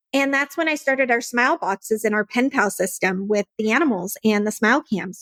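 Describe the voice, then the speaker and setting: A slightly high-pitched woman, recorded with no room sound, is a guest on a podcast. She founded a nonprofit and earnestly tells her own story in the interview, acting out conversations from her past.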